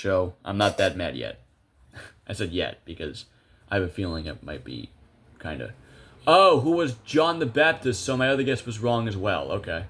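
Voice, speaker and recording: A young man talks casually over his gameplay, thinking aloud and amusing himself. He fills his speech with hesitations and restarts. His voice sits somewhat low. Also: fairly bright tone. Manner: chatty, self-amused, thinks aloud with many fillers. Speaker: gameplay video creator.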